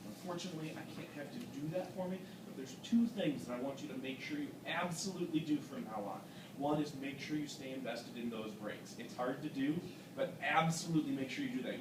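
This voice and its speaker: A man giving an encouraging, explanatory critique to a singer in a masterclass, with frequent "um"s. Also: mid-range voice. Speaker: vocal adjudicator. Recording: echoey room from a distant mic with background noise.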